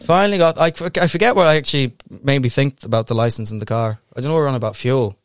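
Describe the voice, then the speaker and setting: A man's voice: medium pitch, quick pace, clean tone, no room sound, clean studio sound. A young Irish man in casual chat, rambling and swearing freely as he tells stories. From Ireland.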